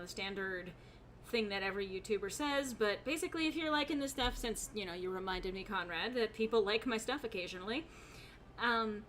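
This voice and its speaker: Young woman gaming streamer, bright higher voice, giggly, rambling chat reader. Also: slight background noise. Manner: laughs often, reads chat aloud, rambling. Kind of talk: casual live-stream chat.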